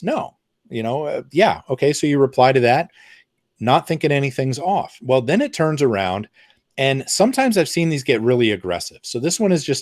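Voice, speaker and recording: A man's voice: mid-range voice, expressive, normal speed, dry recording, clean studio sound. A man giving an explanatory talk in a conversational way, with fillers and asides. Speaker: presenter.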